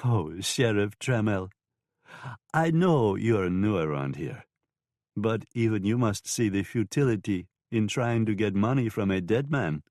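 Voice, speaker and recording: A man voicing a sly, mocking saloon madam with a French accent in an audiobook, speaking slowly and smoothly. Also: on the low side, animated, darkish tone, dry recording, studio quality. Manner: smooth, taunting, slow and drawn-out. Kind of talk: audiobook character voice.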